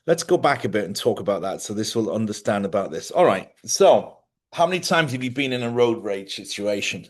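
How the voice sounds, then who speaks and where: A man's voice: mid-range voice, a little mellow. Rambling male live-stream host. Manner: rambling, conversational, repeats himself and asks listeners "yeah?". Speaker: host of a live spiritual talk show. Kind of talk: casual live-stream talk. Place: studio.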